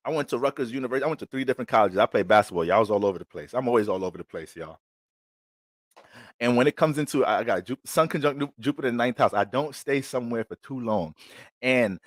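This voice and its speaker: A man's voice: mid-range voice, no room sound, clean studio sound. Slangy New man on a livestream. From Bronx, New York. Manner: loose, slangy, animated storytelling. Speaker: astrologer hosting a livestream. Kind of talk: casual livestream chat.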